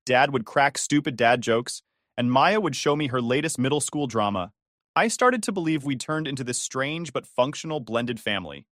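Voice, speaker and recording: A man narrates a first-person story in a steady, scripted read. His pitch moves up and down a lot, and the sound is close and dry, with no room around it. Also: normal speed, no echo.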